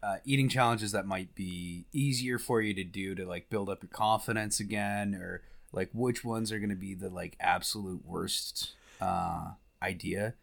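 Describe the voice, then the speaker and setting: A man with a fairly low voice, ribbing his co-host in a loose podcast chat. He jokes easily and pads his sentences with filler words. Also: steady tone, moderate pace, gravelly, few pauses, fairly bright tone. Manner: teasing, joking, trails off with filler words. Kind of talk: casual chat.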